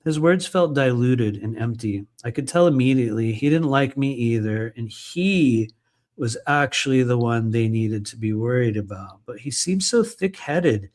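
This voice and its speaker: A man's voice: medium pitch, animated, moderate pace, a little mellow. A man reading aloud from his own book and breaking off into loose, conversational asides, swearing freely. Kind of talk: live book reading with casual commentary.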